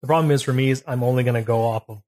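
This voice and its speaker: A man chatting as a podcast co-host, his voice sitting at an ordinary middle pitch. He rambles through camera technique, restarting sentences as he goes. The audio is uneven, with patchy levels. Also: rapid-fire, mellow. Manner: rambling, self-correcting, explains technical detail. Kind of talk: casual chat.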